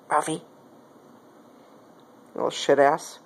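A woman at home, filming on her phone and talking in coaxing, affectionate pet talk to her cat, her voice swooping up high. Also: very animated, slow, gravelly. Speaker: pet owner. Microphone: phone camera.

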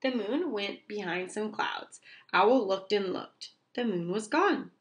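A woman's voice: medium pitch, a little hiss or hum. Woman reading a children's storybook aloud. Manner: slow, clear and expressive for young listeners. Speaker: reader.

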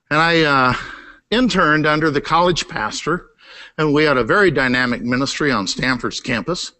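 A middle-aged man preaching a sermon, emphatic, repeating key words, climbing high for emphasis and then dropping low and quiet. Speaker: pastor. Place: church sanctuary.

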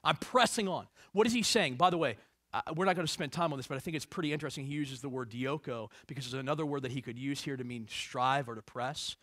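A middle-aged man preaching a sermon as pastor, swinging between hushed asides and raised, emphatic passages. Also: mid-range voice, quick pace, dry recording, studio quality.

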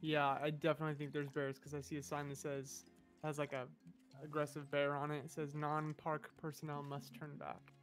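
A man's voice: on the high side, monotone, moderate pace, faint music behind. A young man chatting casually and joking with friends while they play a game together. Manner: short joking remarks. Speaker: streamer. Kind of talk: casual gameplay chat.

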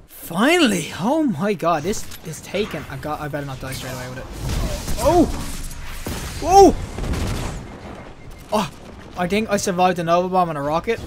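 Young guy with a high voice yelling through a shooter match, faint room hum behind. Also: moderate pace, pauses often. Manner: excitable, yelps and laughs at deaths. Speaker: gaming YouTuber. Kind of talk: live gameplay commentary.

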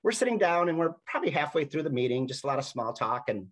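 A man's voice: on the high side, very animated, fast talker, rough recording. A middle-aged man giving a conversational storytelling talk, with frequent restarts. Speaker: speaker at a university talk.

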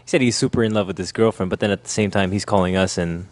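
A man's voice: deep voice, rapid-fire. A man appearing as guest on a radio advice show, easygoing and chatty, giving his take on callers. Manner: easygoing, laughs along. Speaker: guest co-host. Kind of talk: casual advice chat.

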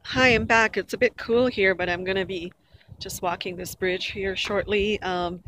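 A woman's voice: mid-range voice, steady tone, moderate pace. A woman chatting casually to her camera while walking and jogging outdoors in a park, a little out of breath, rambling and correcting herself. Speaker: vlogger. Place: outdoors in a park by a river bridge. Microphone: handheld camera. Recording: noisy outdoor camera audio.

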